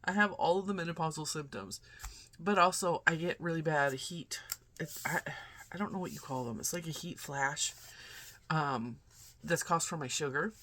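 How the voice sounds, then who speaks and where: A woman in her forties talks in a loose, rambling vlog style, chatting to her viewers as a crochet creator. Her voice is bright and crisp-edged. She drifts from one aside to the next. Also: deep voice, normal speed. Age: 40s. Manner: rambling and chatty, acting out quoted dialogue. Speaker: crochet vlogger. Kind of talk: casual chat.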